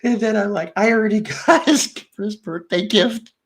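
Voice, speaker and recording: Man, host, casual chat, animated storyteller, drops low then jumps high. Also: normal speed. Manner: animated storyteller, swings between low mutters and high exclaims.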